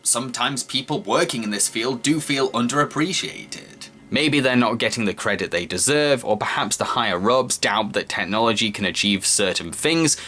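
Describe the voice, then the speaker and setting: A man's voice: mid-range voice, lively intonation, sharp tone. Earnest man reviewing a film. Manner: measured, earnest and analytical. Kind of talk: scripted narration. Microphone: voice-over.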